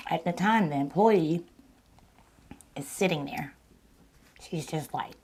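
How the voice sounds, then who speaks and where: Woman, mukbang host, sore throat; low, unhurried, casual storytelling. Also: a little mellow, slightly rough. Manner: slow, deliberate retelling with repeats. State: sore throat, partly lost voice. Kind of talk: casual storytelling to viewers while eating.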